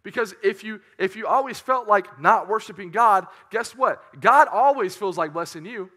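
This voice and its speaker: A man's voice: high voice, lively intonation, moderate pace, pushed and bright. A young man preaching a casual, joking sermon to a youth group. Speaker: youth pastor.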